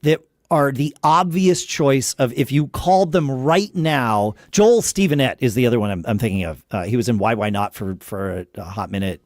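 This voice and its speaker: A man hosts a relaxed podcast chat at a middle pitch. He thinks aloud, restarting sentences and wandering into tangents. His voice sounds close and dry, with no room around it. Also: no room sound. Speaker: podcast host. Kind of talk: casual conversational podcast.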